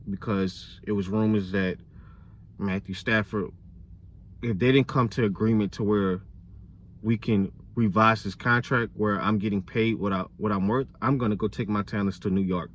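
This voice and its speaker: A man's voice: on the low side, a little hiss or hum. Blunt, opinionated man talking football. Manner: opinionated, blunt, rising loud when fired up; loose slangy talk with many fillers. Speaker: sports vlogger. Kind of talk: casual sports commentary.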